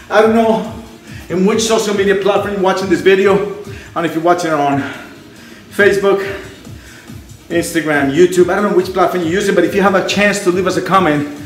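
A man's voice: high-pitched, a little fast, long pauses, faint music behind. A man leading a home workout as a fitness instructor, cheering people on and counting reps, out of breath. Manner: energetic, encouraging, counts reps aloud. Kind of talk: live workout coaching. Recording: very echoey room, mic at a distance.

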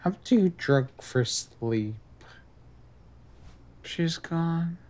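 An actor playing a clueless, self-absorbed young boyfriend in a comedy sketch, talking deadpan and self-pitying. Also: male voice, on the high side, moderate pace, slight background noise. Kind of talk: scripted comedy sketch acting.

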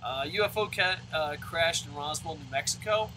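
A man ranting profanely as he plays a baseball video game, with loud outbursts. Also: a little high, normal speed, noisy background. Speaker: let's play host. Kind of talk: profane gaming commentary rant.

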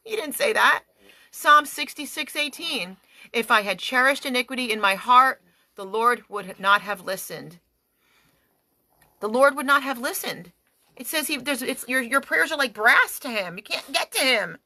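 A woman's voice: fairly high pitch, expressive, moderate pace, bright, forceful tone, no room sound. A woman leading a fiery, commanding prayer and reading scripture with emphatic, declaiming delivery, speaking from a parked car. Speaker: activist prayer leader.

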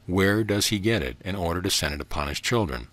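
A man reading as a calm, earnest young woman. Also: low voice. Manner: gentle, steady, slow explaining.

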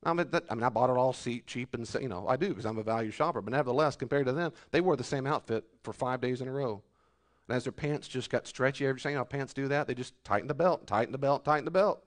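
In his sermon, a pastor with a mid-range voice talks quickly, moving from loud rebukes to hushed asides. Complainers get mocked in whiny voices along the way.

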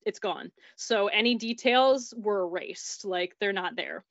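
Speaking a little slowly with vocal fry, this woman recounts paranormal encounters casually, sprinkling in "like" and voicing the dialogue herself. Her tone is medium in pitch and fairly bright, on a dull, dry recording.

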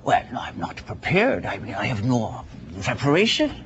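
A man doing a comedy impression of a vain former prime minister who interviews himself, smug and halting with many uhs. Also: medium pitch, wildly swooping pitch, a bit bright, muffled recording, a little hiss or hum. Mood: coy.

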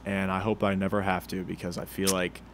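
A man's voice: sits low, little pitch movement, fairly quick, a little hiss or hum. A young man co-hosting a podcast from his apartment, in a laid-back chat full of swearing and filler words. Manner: laid-back, swears a lot, says dude and like. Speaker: podcast co-host. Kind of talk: casual chat. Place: apartment room.

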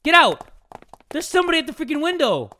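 A young man narrates his play of a horror game, excitable and crude, breaking into yells at each scare. His voice sits high and swings widely, with a bright, sharp edge and a faint hiss behind it. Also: fast talker. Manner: excitable, crude jokes, sudden yelling. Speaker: gaming YouTuber. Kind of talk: let's play commentary.

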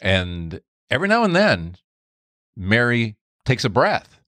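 A man hosting a faith podcast, telling a story in an animated way and jumping up in pitch for the voices he quotes. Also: slow, no echo. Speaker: podcast host. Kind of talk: storytelling monologue.

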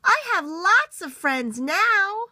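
A woman voicing a lonely, eager young male beaver in a storybook read-aloud, with a high, bright voice. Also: big pitch swings, a little slow, dry recording, studio quality, heavily acted. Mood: joyful.

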